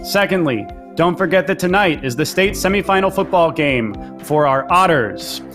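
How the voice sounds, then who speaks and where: A man voicing a cheery high school principal reading morning announcements in an announcer-like manner. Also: animated, normal speed, a bit bright, faint music behind. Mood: upbeat. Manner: announcer-like, upbeat.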